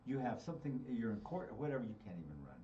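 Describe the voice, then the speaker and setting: A man's voice: medium pitch, very animated, rapid-fire. A man hosting a political radio show, joking along and laughing often. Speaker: radio host. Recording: roomy, distant, dull with faint noise.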